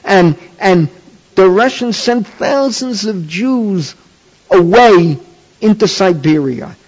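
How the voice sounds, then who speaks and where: A man's voice: sits high, expressive, takes it slowly, a little mellow. A man teaching a religious class, emphatic and repetitive, often firing off questions and repeating key phrases. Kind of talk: Torah lecture. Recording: dull lo-fi tape recording.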